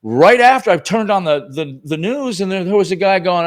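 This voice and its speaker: A man's voice: sits high, lively intonation, moderate pace. A man who is a guest on a talk show, speaking emphatically and with profanity in casual political conversation. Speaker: guest filmmaker.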